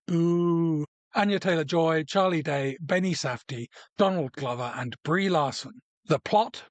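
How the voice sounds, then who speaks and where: A man's voice: a little high, dry recording. Dry-joking man co-hosting a podcast. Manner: dry, mock-stern joking. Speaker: podcast co-host. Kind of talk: casual pop culture chat.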